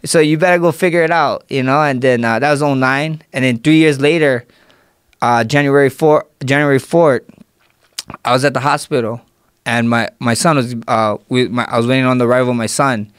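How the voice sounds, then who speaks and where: A man's voice: mid-range voice, moderate pace, clear, resonant tone, dry recording, studio quality. A young man in his twenties, a guest fighter, telling stories in casual chat and laughing as he goes. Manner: animated, laughs while telling. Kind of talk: casual storytelling.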